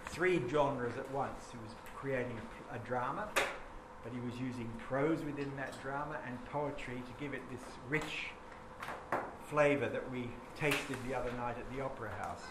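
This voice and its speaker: A man's voice: mid-range voice, moderate pace. A man giving a classroom lecture, explaining patiently and chanting rhythms aloud. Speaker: teacher. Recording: echoey classroom with background noise.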